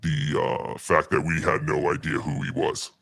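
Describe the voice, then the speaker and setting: A man telling a story in a deadpan, halting way as an interview guest. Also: very deep voice, creaky, husky. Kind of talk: casual storytelling.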